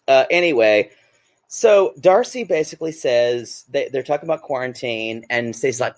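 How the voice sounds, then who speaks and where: A man's voice: medium pitch, lively intonation, normal speed. A man co-hosting a podcast from home, giggly and rambling with plenty of fillers. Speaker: podcast co-host. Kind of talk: casual chat.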